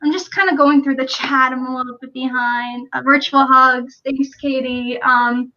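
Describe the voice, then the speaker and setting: A woman's voice: sits high, fairly even intonation, moderate pace, highs cut off. A woman hosting a casual livestream chat, talking in a chatty way and reading viewer comments aloud. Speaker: livestream host.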